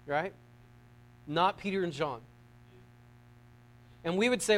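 A man's voice: fairly high pitch, unhurried, long pauses. A middle-aged man preaching a sermon, conversational and humorous, often asking the congregation questions. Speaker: pastor.

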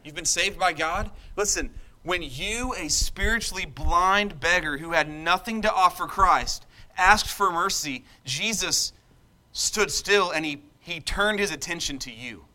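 High-voiced man preaching a passionate sermon. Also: unhurried, sharp tone. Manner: impassioned, emphatic preaching with call-and-response asides.

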